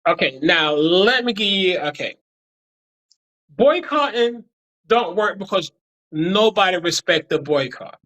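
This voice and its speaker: A man's voice: sits high, animated, a little slow, pauses often, bright, forceful tone, highs cut off. A man speaking as a panel guest in a heated discussion, blunt and insistent. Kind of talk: argumentative discussion.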